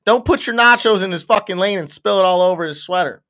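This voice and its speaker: A man's voice: high-pitched, fast, bright, forceful tone. Swearing young man, casual podcast. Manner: swears a lot, rambling storyteller. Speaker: podcast co-host. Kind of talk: casual chat.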